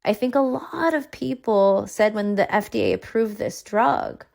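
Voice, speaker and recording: A woman's voice: mid-range voice, very animated, slow pace, creaky, darkish tone. A woman in her forties, a neurologist being interviewed, speaking in an earnest, heartfelt way. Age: 40s. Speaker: neurologist guest. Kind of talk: interview conversation.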